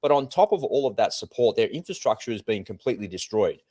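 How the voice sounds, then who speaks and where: A man co-hosting a political talk show, talking in an animated, indignant way with quick asides. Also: on the low side. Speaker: co-host. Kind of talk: political commentary chat.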